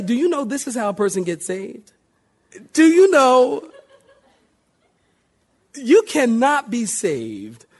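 Animated high-pitched male preacher. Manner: animated, swings from loud emphasis to quiet intimacy; addresses congregation with questions and calls for amen. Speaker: pastor. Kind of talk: sermon.

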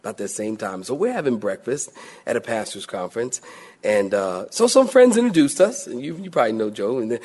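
A middle-aged man from Philadelphia, a pastor preaching a sermon and telling stories with lively voiced asides. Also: medium pitch, fairly quick, breathy edge.

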